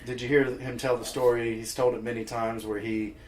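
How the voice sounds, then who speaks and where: A man appearing as a podcast guest, telling stories in a relaxed way and laughing often. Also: medium pitch, a little fast, a little hiss or hum. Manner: easygoing storyteller, laughs often. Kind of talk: casual chat.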